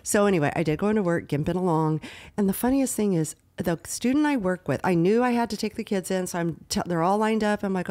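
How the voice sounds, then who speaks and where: A woman's voice: mid-range voice, fast talker. A young woman co-hosting a podcast, telling a rambling story in a casual chat and acting out the dialogue. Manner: rambling, animated retelling with quoted dialogue. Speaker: podcast co-host.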